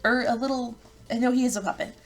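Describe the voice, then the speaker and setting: A woman's voice: on the high side, fairly even intonation, fast talker, faint music behind. A woman hosting a let's play of a visual novel, reading the game text aloud and breaking off into rambling, self-interrupting rants.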